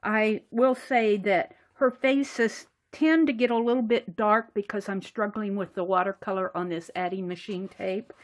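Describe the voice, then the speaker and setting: A woman vlogger walking through her sketchbook in casual show-and-tell narration, chatty and quick to laugh. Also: mid-range voice, fairly even intonation. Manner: chatty, laughs often, acts out little dialogues. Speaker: art journaling vlogger.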